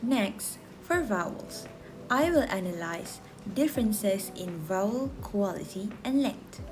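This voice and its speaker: A woman student from Malaysia reading a class presentation aloud in a slow, careful, deliberate way. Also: medium pitch, animated, over music.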